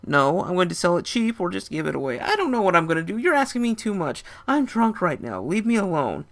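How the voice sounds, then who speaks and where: A man voicing a reckless, drunk young woman who slurs her words and shouts or brushes things off. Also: sits high, sing-song, voice pushed up, heavily acted. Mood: drunk irritable. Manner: slurring, dismissive, quick to yell. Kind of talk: storytelling, acting out dialogue.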